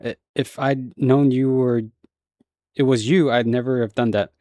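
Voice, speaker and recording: A man's voice: mid-range voice, fairly even intonation, measured pace, mellow, dry recording, close to an everyday voice. A man voicing a jittery, star-struck pudgy deputy. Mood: awed, apologetic. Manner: eager, trembling, deferential.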